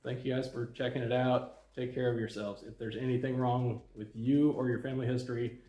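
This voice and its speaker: Calm middle-aged man in echoey room. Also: medium pitch, a little fast. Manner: calm, plain-spoken, many ums and restarts. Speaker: channel host. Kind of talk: casual storytelling to camera.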